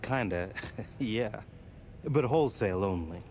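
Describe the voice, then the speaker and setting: Dry-witted arms dealer in a game, lowish voice. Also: male voice, animated, a little slow, darkish tone, a little hiss or hum. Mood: wry. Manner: dry, joking sales pitch. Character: wry middle-aged male arms dealer.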